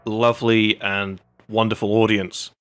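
A man's voice: fairly low pitch, level tone, measured pace, fairly bright tone, faint music behind. A man hosting a casual podcast chat, telling anecdotes and swearing freely. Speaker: podcast host.

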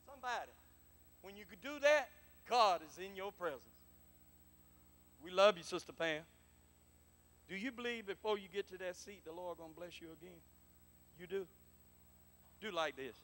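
Preacher guy with a high bright voice, prophesying at church, goes soft then loud, repeats everything. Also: animated, normal speed, long pauses. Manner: emphatic, repetitive, swings between soft murmurs and loud exclamations. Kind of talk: prophetic sermon with call and response. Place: church sanctuary.

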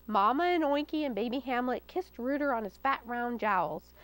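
A woman, a children's librarian, reading a story aloud at storytime in a lively, expressive way. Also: on the high side, normal speed, poor audio. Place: studio taping for local cable TV.

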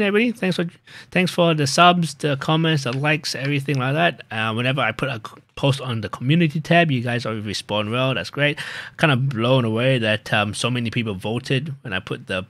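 A man's voice: mid-range voice, fairly bright tone, no echo. A gaming streamer chatting casually at the end of his stream, rambling with plenty of fillers and restarts.

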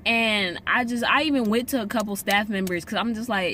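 A woman's voice: medium pitch, brisk, sharp tone, slight background noise. A young woman telling a story to camera in a casual vlog, emphatic and slangy, often repeating herself for stress. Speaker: vlogger.

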